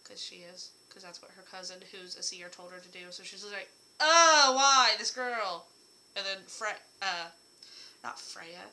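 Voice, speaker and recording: A young woman with a slightly hoarse voice, chatting casually and rambling about the characters she has written, with jokey asides. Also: lowish voice, flat delivery, moderate pace, pushed and bright, rough recording. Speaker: writer describing her characters. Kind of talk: casual chat.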